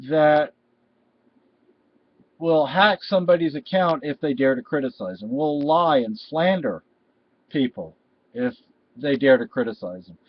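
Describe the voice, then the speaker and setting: A man's voice: fairly high pitch, animated, a little slow, pauses often, dry recording, dull audio. A middle-aged man vlogging a political rant, scolding and lecturing his viewers with indignation.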